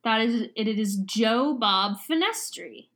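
A woman's voice: on the high side, measured pace. Giggly young woman podcast co-host. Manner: animated, giggly, retells scenes in voices. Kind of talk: casual book discussion.

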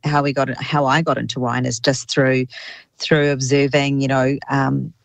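Nz lady winemaker chatting, lots of ums, flat dry sound. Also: very deep voice, moderate pace, vocal fry, no echo. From New Zealand. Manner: warm, thoughtful, many ums and restarts. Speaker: winemaker guest. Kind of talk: casual radio interview by phone.

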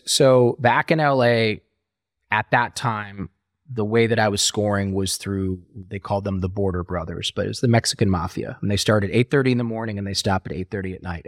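A man's voice: on the low side, no room sound, studio quality. A middle-aged man telling his story as an interview guest, acting out quoted voices as he talks.

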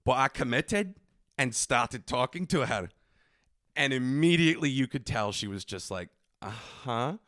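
A man co-hosting a podcast, telling a funny story in an animated way and slipping into put-on voices. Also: medium pitch, normal speed, no echo, studio quality. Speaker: podcast co-host. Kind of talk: comedic storytelling.

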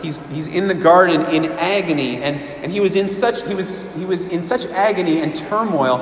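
A man's voice: sits high, moderate pace, a little hiss or hum. A man preaching a sermon with earnest emphasis, often repeating and restarting words. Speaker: pastor. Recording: echoey hall with long reverb.

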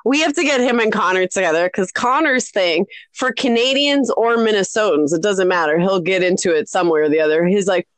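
A woman's voice: medium pitch, expressive, a little fast, hardly any pauses, dry recording. Giggly woman, podcast co-host. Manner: laughs often, self-deprecating. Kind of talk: casual chat.

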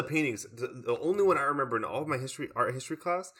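A man's voice: medium pitch, expressive, very fast, fairly bright tone, slightly rough. A young man chatting casually, rambling with lots of "like" fillers. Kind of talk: casual chat.

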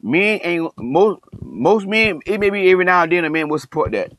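A man's voice: high-pitched, animated, normal speed, fairly bright tone, rough recording. Emphatic, repetitive preaching man. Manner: emphatic, repeats phrases, calls himself passionate. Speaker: coach and online commentator. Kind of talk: passionate preachy monologue.

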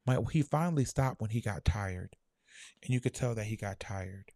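Soft-spoken man, halting personal story. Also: on the low side, expressive, no room sound, clean studio sound. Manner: soft, halting, reflective, many fillers. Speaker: storyteller recounting childhood.

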